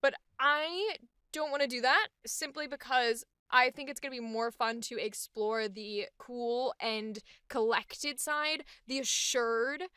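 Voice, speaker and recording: A woman voice actor and host chats with enthusiasm while she talks through the voices she builds. Her voice is bright and clear and sits a little high, and it is heard up close and dry. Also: takes it slowly, no echo. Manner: chatty and enthusiastic, thinking aloud. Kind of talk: voice acting demonstration.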